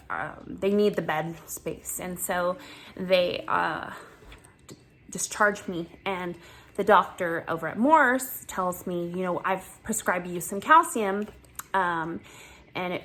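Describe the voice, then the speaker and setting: A woman vlogging casually about her own recent ordeal, animated and exasperated, breaking into laughter often. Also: fairly low pitch, a little hiss or hum. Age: adult with children. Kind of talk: casual storytelling vlog.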